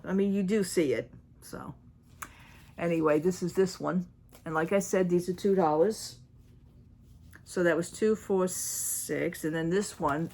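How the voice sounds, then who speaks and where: Woman haul vlogger, low voice, chatty and rambling, everyday conversational delivery. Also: a little mellow. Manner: chatty, rambling, with frequent restarts and fillers. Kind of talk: casual show-and-tell chat.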